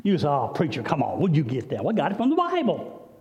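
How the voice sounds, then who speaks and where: High mellow-voiced guy preaching, storytelling, long church echo, muffled lo-fi recording. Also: huge pitch swings, quick pace. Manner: dramatic storytelling, swinging from loud highs to hushed lows. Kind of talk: sermon. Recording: dull, lo-fi recording with long hall reverb.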